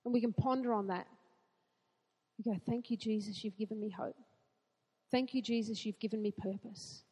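A woman preaching a sermon in an earnest way, asking rhetorical questions and building to excited emphasis. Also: medium pitch, moderate pace, pauses often, slightly rough, long reverb tail.

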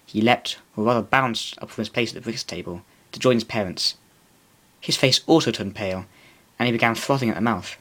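A man's voice: lowish voice, brisk, a bit bright. A man reading comic extracts from his own story aloud and closing with a podcast sign-off. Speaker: reader and podcast host.

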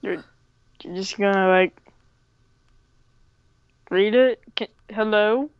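Slow-talking young woman on a dull lo-fi mic. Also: mid-range voice, clean tone, no echo. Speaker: podcast co-host. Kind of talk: casual chat.

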